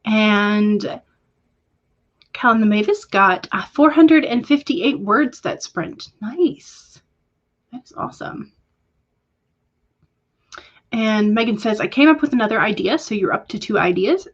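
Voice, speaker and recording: A woman hosting a relaxed writing stream reads her viewers' comments aloud and chats back, pausing often with small fillers. Her pitch sits in the middle, and the sound is slightly dull, like a home streaming setup. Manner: hesitant, with frequent fillers. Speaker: livestream host reading chat. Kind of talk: casual livestream chat.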